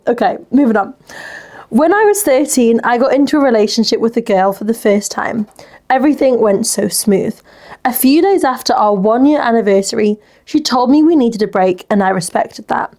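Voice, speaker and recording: Chatty young woman, mellow voice. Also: on the high side, expressive, normal speed. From England. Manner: chatty, fills talk with "like", frank advice. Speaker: podcast host reading listener messages. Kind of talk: casual chat.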